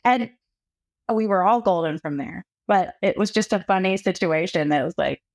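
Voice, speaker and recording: A woman's voice: on the low side, normal speed, vocal fry. A woman from South Texas, a women's health founder, telling stories in a casual interview, acting out quotes and laughing often. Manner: animated storyteller, acts out quotes with laughter.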